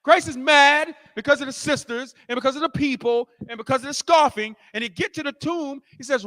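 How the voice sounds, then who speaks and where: A man preaching a sermon as pastor, telling the story in animated fashion, acting out the scene and rising to shouts. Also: extremely high pitch, fairly quick, hardly any pauses, long reverb tail.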